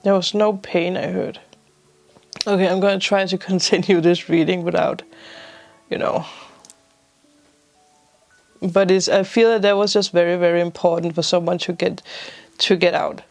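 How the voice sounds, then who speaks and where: A woman giving a spiritual tarot reading to her viewers, emotional and teary, laughing through tears as she offers gentle, reassuring guidance. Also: lowish voice, flat delivery, moderate pace, pauses often, soft background music. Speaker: tarot reader.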